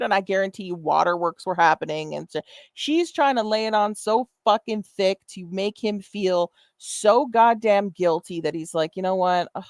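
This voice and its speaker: A woman's voice: mid-range voice, moderate pace, no room sound. A woman streamer giving sarcastic, profane commentary, mocking the person she reacts to.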